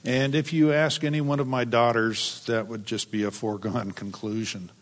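A man's voice: medium pitch, level tone, normal speed. A man reading scripture and preaching a sermon in a church, earnest and dryly humorous. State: a bit weepy. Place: church sanctuary. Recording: long hall reverb.

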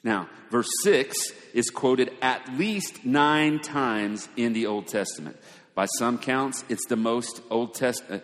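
A man delivers a sermon in a church sanctuary, his mid-range voice carrying a long reverb. He moves between hushed, low asides and raised, emphatic points. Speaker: pastor.

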